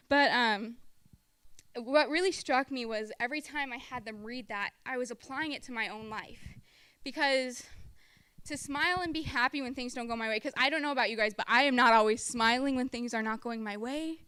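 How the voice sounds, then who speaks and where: A woman's voice: fairly high pitch, fairly quick, sharp tone, clean tone, no room sound. A young woman giving a church testimony about her time as a camp counselor, in a chatty storytelling style full of "like" and acted-out quotes. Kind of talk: personal testimony talk at church.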